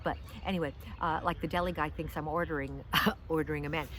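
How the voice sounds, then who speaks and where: A woman's voice: low-pitched, steady tone, a little fast, noisy background. A middle-aged American woman telling a rambling, self-deprecating story in a casual vlog, outdoors in a park, with lots of fillers and restarts. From United States. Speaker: vlogger, comedian.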